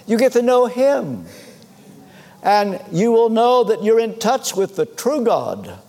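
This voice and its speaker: A man's voice: sits high, sing-song, slow pace, warm tone. A man preaching a sermon, emphatic and full of rhetorical questions, with a long echo from a large hall.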